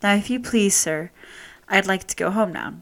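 A woman's voice: medium pitch, moderate pace, creaky, close to an everyday voice. A woman voicing a frightened young miller's daughter pleading in a storybook reading. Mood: anxious. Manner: pleading, anxious.

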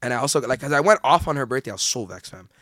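A young man, telling a story in casual podcast chat, animated and heavy on slang and swearing. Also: medium pitch, very fast, no room sound, studio quality. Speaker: podcast guest.

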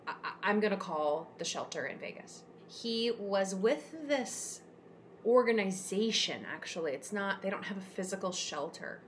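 A woman telling a personal story as a guest in a casual conversation, emotional and expressive with frequent fillers. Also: lowish voice, slight background noise. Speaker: podcast guest, cat rescuer.

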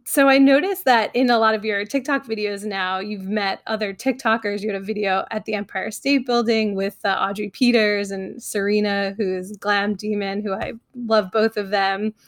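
A woman's voice: mid-range voice, fairly even intonation, normal speed, hardly any pauses. A woman hosting a casual interview, friendly and giggly, asking long, loose questions.

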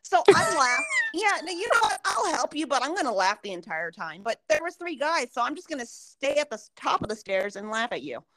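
Gen X woman podcast co-host, foul-mouthed and laughing, lively pitch. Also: brisk, hardly any pauses, low-quality recording. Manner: profane, laughing storyteller. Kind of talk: casual chat.

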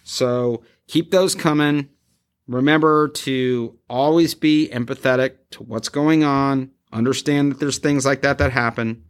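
A man's voice: mid-range voice, fairly even intonation, measured pace, clear, resonant tone. Man, podcast host, casual chat, blunt, profane, music in background. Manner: blunt, heavy swearing.

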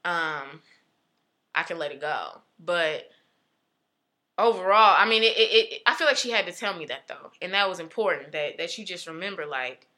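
A young adult woman talking in casual chat, telling a personal story with emphatic, animated delivery. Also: fairly low pitch, normal speed.

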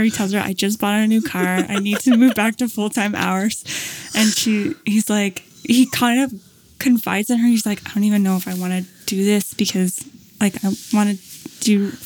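A woman in casual conversation, telling a long anecdote, acting out what people said, with plenty of fillers. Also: mid-range voice. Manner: animated storyteller, acts out quotes, many fillers. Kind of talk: casual storytelling chat.

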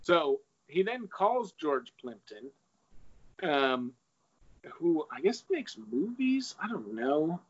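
A man's voice: fairly high pitch, very animated, takes it slowly, slightly rough. A man in casual chat, retelling an essay and reading quoted passages aloud. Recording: dull lo-fi recording.

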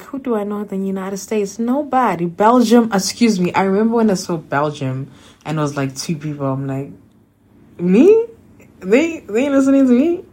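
Low-voiced young woman podcasting. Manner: chatty, frequent "like" fillers, excitable bursts. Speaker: podcast host. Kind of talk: casual solo podcast monologue.

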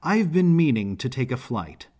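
A man voicing a dry, self-assured young woman traveler, with a husky voice. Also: mid-range voice, very animated, moderate pace, a little mellow. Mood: wry.

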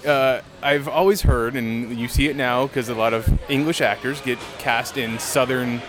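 A man with a mid-pitched voice who joins the conversation with curious questions. Music plays clearly in the background behind him. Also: steady tone, moderate pace. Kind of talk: casual chat.

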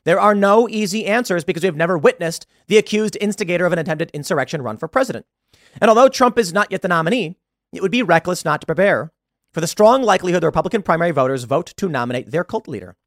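A man hosting solo political commentary, ranting in an animated, exasperated way with sarcastic asides. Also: high-pitched, quick pace, dry recording, studio quality.

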